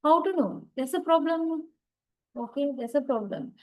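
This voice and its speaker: A woman's voice: sits high, lively intonation, moderate pace, a little mellow, poor audio. A woman lecturer with a Sri Lankan English accent, giving a recorded linguistics lecture and often checking in with "okay" and "right". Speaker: university lecturer.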